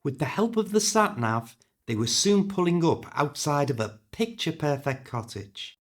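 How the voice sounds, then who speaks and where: A man with a British accent reading a story aloud for English learners, clear and expressive. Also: fairly high pitch, normal speed. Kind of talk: scripted story narration.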